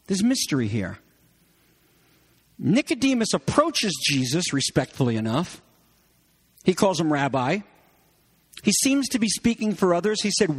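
A man's voice: high voice, sing-song, moderate pace, pauses often, breathy edge. A man preaching a sermon as a pastor, explaining scripture and rising emphatically on key phrases. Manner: expository teaching, rising emphatically on quoted lines.

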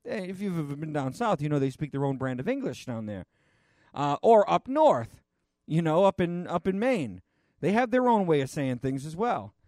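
A man preaching a conversational sermon, rambling and animated, with frequent restarts and fillers. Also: a little high, normal speed, no room sound, studio quality.

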